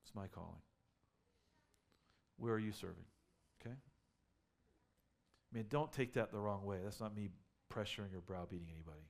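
Guy pastor giving a sermon, gravelly low voice, lots of questions thrown at the crowd. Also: moderate pace, long pauses. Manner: conversational preaching, rhetorical questions, building to emphatic peaks.

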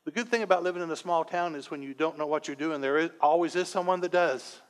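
Male pastor, high voice, emotional and rambling sermon with self-deprecating jokes, long hall echo. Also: quick pace, clean tone. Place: church sanctuary. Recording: long church-hall reverb.

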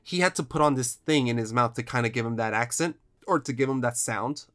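A man's voice: mid-range voice, brisk, a bit bright. A man co-hosting a casual film chat, rambling with restarts and casual swearing.

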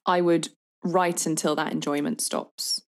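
A woman songwriter in her thirties talking in a podcast interview, telling stories with lively acted-out quotes. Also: sits low. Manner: animated storyteller, acts out quotes with quick bursts. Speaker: songwriter guest.

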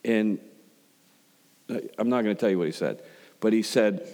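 Low-voiced preacher telling a story. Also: male voice, expressive, moderate pace, a little mellow, in a large hall. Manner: conversational storytelling, rhetorical questions. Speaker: pastor. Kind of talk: sermon.

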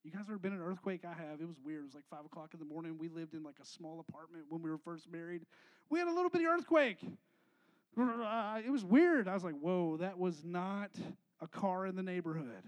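A young adult man, a pastor, preaching a casual, slangy sermon that swings between hushed asides and loud, emphatic lines. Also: high-pitched, lively intonation, fast.

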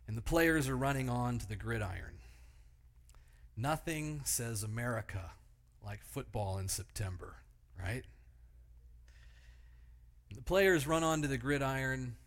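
A man's voice: mid-range voice, animated, slow pace, pauses often. A man preaching a sermon, telling vivid illustrative stories and asking the listeners rhetorical questions.

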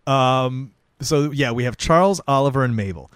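A man's voice: mid-range voice, normal speed, clear, resonant tone, no room sound, studio quality. A man in casual chat recapping a TV episode, quoting scenes in a laid-back way with lots of fillers.

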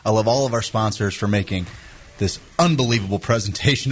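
A man's voice: fairly low pitch, quick pace, slightly rough. A man co-hosting a talk show in playful banter, giving mock-formal thanks. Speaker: co-host. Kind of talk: casual banter.

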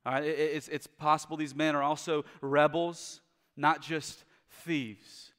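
A male pastor preaching a sermon. He moves from loud, urgent emphasis to quiet, low passages. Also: flat delivery, a little slow, long reverb tail.

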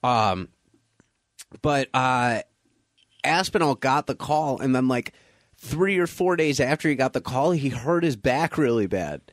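A man co-hosting a podcast in casual chat, telling a story with animated energy and acting out his friends' voices. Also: medium pitch, unhurried, no room sound, clean studio sound. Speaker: podcast co-host.

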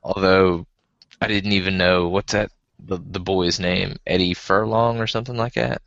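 A man's voice: sits low, steady tone, normal speed, creaky, a bit bright, dry recording. A man co-hosting a podcast in casual, rambling chat. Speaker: podcast co-host. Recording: dull, lo-fi dry sound.

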